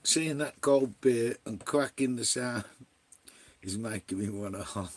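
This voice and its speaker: A man's voice: mid-range voice, a little slow, no room sound. A man hosting a live stream in casual chat, greeting viewers by name and swearing freely.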